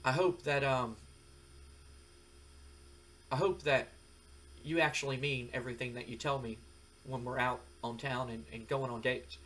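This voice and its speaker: A man voicing an upset young woman who speaks hesitantly and stammers, with a husky voice. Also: mid-range voice, steady tone, measured pace, long pauses, fairly bright tone. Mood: hurt.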